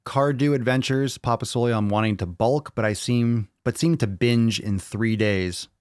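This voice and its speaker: A man's voice: mid-range voice, fairly even intonation, normal speed, darkish tone, clear, resonant tone, no room sound, clean studio sound. A man hosting a fitness podcast, answering viewer questions in a casual live Q&A, blunt and profane as he reads comments and rants back.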